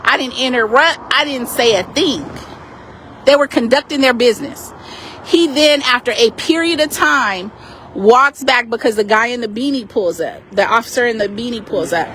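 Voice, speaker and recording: Woman activist, high voice, animated and forceful recounting, outdoor street. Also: normal speed, a little hiss or hum. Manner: emphatic, animated retelling. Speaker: community activist. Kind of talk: heated street complaint to police. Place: outdoors on a city street by a parked car.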